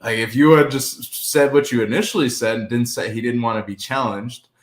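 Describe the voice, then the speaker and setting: A man's voice: medium pitch, steady tone, fairly quick. A man co-hosting a sports talk show, chatting casually and pushing back with a laugh. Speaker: co-host. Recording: roomy studio echo.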